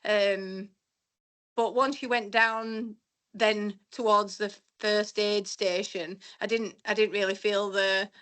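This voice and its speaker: A woman's voice: mid-range voice, little pitch movement, slow pace, a bit bright. A woman chatting casually on a podcast, rambling a little and restarting her sentences. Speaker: podcast co-host and race runner.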